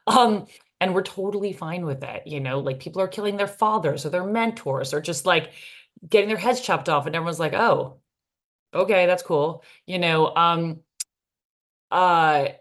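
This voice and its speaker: A woman's voice: lowish voice, normal speed, a bit bright. A woman author answering interview questions candidly, in a rambling way with many fillers.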